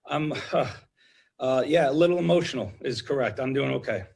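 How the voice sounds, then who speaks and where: Speaking a little fast, an intensive care doctor gives a TV interview in a creaky, darkish, mid-range male voice. His urgency and emotion show in frequent repetitions and restarts.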